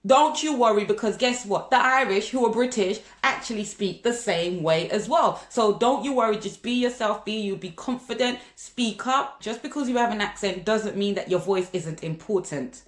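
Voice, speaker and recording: A woman's voice: medium pitch, normal speed, hardly any pauses. A Jamaican woman vlogging casual, direct advice to viewers, calling them guys. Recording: echoey room.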